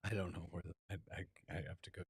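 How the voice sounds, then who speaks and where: A man's voice: low-pitched, steady tone, fast talker, gravelly, breathy edge. A man co-hosting a podcast in casual chat, rambling through a story with many restarts and fillers. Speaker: podcast co-host.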